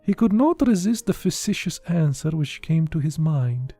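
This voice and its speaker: An audiobook narrator reading a literary novel in a measured, even way. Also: medium pitch, soft background music.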